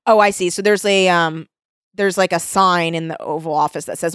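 A woman's voice: on the low side, normal speed, fairly bright tone, smooth, no room sound, studio quality. A woman co-hosting a casual chat, reading posts aloud and breaking into laughter. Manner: giggly, exclaiming, breaks into laughter while reading. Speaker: podcast co-host.

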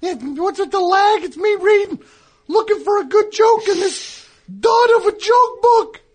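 A man plays a recurring comedy character, a touchy, hacky male squirrel comic, in a studio radio bit. Speaking in a very high-pitched, slightly slow voice, he wisecracks with corny jokes and self-pitying grumbling.

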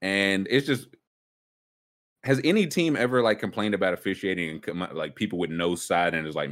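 A man hosting a casual sports talk show, ranting emphatically with sudden jumps up in pitch. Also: normal speed, fairly bright tone. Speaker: sports podcast host.

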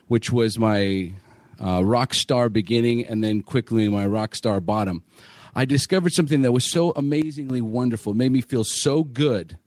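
A man's voice: lowish voice, darkish tone, dry recording. Podcast man, candid and blunt, swears freely, dry close mic. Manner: candid, swearing, many fillers and restarts. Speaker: podcast host. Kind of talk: casual podcast story.

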